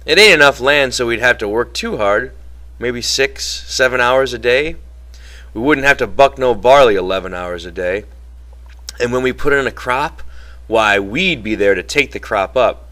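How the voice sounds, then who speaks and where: A man's voice: mid-range voice, moderate pace, pushed and bright, natural voice. Man doing George, a wary ranch worker. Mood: dreamy. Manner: rough rural talk, guarded. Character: wary dreaming male ranch worker, guarded.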